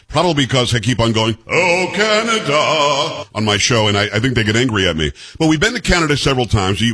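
A man hosting a talk radio show, chatty and animated, swinging his pitch around as he riffs. His voice has a husky edge, and the studio sound is dry and close with no room echo. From New York. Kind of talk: casual talk radio chat.

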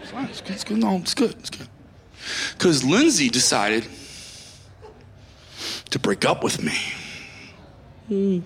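A man doing a freshly dumped rock-station DJ with a high, strained, gravelly voice. He rants in bursts and teeters between yelling and near-tears. The sound is roomy, with steady noise behind it. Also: slow, pauses often, heavily acted. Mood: bitter. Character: heartbroken young male rock radio DJ, ranting. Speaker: radio DJ. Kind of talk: comic sketch monologue.

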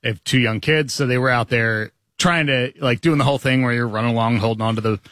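A man's voice: medium pitch, fairly even intonation, fast, fairly bright tone, no room sound, clean studio sound. A man co-hosting a morning radio show, telling a chatty anecdote. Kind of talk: casual chat.

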